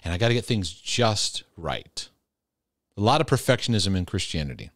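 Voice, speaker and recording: A man's voice: sits low, big pitch swings, normal speed, fairly bright tone, no room sound, studio quality. A man answering viewer questions in a casual, earnest and direct way, often restarting his sentences. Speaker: Christian mental health teacher answering viewer questions.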